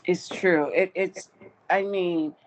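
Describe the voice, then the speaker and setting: A woman in her sixties from California, a guest speaking slowly and deliberately, sometimes repeating a word. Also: lowish voice, steady tone, a little hiss or hum. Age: 60s. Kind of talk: casual conversation.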